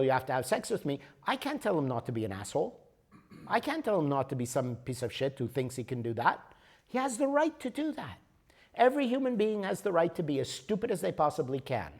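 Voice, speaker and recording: A man leading a workshop, explaining ideas patiently and often checking in with "okay?". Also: a little high. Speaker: workshop leader. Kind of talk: workshop teaching. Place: workshop room.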